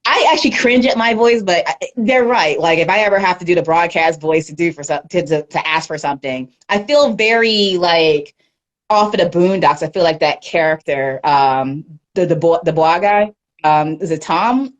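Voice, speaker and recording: A woman with a deep, low-set voice gives a candid livestream interview. She talks in an animated, unguarded way and laughs often. She is heard through a phone or webcam mic. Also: normal speed, dull audio. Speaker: guest media professional.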